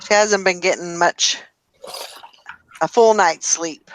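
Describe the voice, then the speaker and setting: A woman's voice: lowish voice, steady tone, slow, slight background noise. A woman hosting a casual morning chat show, talking in a rambling, self-deprecating way. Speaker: host.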